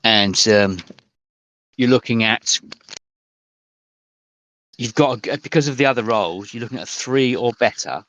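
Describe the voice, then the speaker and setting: A man's voice: medium pitch, measured pace, pauses often, fairly bright tone, no echo, highs cut off. Rambling male game master. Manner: rambling, many ums. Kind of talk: narrating a tabletop game. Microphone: computer mic on a voice call.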